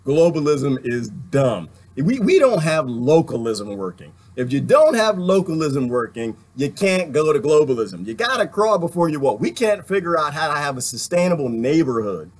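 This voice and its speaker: Laughing a lot and mimicking people with put-on voices to mock them, this middle-aged man hosts casual political commentary on a live stream. He sits on the high side with big pitch swings and a slightly rough voice, speaking at normal speed with few pauses.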